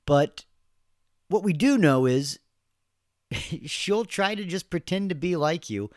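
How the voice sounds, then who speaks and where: A man's voice: fairly high pitch, lively intonation, takes it slowly, no echo, clean studio sound. A man in his thirties hosting a podcast, giving rambling, sarcastic political commentary with laughs and restarts. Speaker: podcast host.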